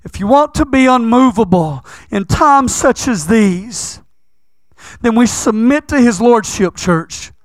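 A man preaching a sermon to his church, emphatic and repetitive, swinging between loud declarations and hushed phrases. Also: very high-pitched, animated, slow pace, dry recording.

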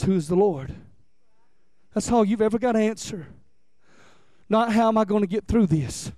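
A man's voice: very high-pitched, darkish tone, dry recording. A man preaching a sermon, building passion through repetition and calling the congregation to say lines back with him. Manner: impassioned preaching with repetition and call-and-response. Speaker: pastor.

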